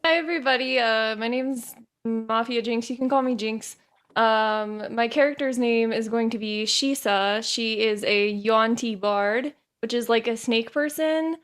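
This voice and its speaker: A woman introducing her character in casual chat, halting and filling every pause with "like". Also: on the high side. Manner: halting, heavy use of "like". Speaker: player.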